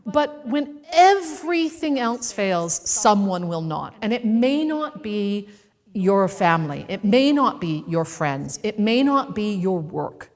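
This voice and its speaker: A woman speaker telling a personal story to a live audience in a playful, animated way, acting out the voices in it. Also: medium pitch, slow pace, long reverb tail. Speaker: keynote speaker. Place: event venue with a live audience.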